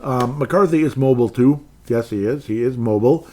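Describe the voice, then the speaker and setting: A Minnesota man hosts a podcast in a medium-pitched, darkish voice at normal speed. He rambles through casual sports talk, drifts onto tangents, and speaks his mind bluntly.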